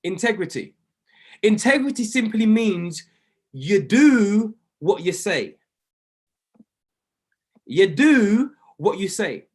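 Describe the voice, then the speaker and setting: A man with a notably high voice leads a motivational coaching call for traders. He preaches with emphasis, driving each point home by saying it again and again. He is heard over an online group call. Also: big pitch swings, slow, long pauses, breathy edge. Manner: emphatic and preachy, repeats key phrases. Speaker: trading mentor.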